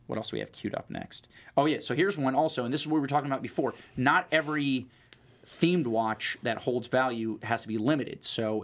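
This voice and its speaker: A man co-hosting a show as a watch trader, talking in a rambling casual way with lots of fillers and restarts. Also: mid-range voice. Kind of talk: casual chat.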